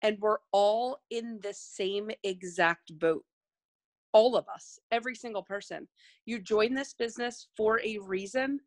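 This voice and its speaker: A woman's voice: medium pitch, a little slow, no echo. A woman speaking earnestly on a video call to her team, admitting her own excuses and growing tearful. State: near tears. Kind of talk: emotional group call testimony.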